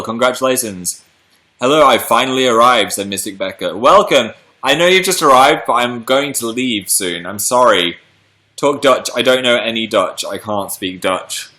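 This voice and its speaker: Bright, chatty British man. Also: mid-range voice. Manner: chatty, playful, reads out viewer comments. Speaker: livestream host reading chat. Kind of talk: casual chat.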